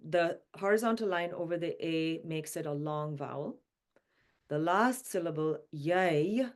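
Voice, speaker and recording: Woman chant teacher, low-ish smooth voice, unhurried, patient explanations. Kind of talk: teaching chant pronunciation and notes.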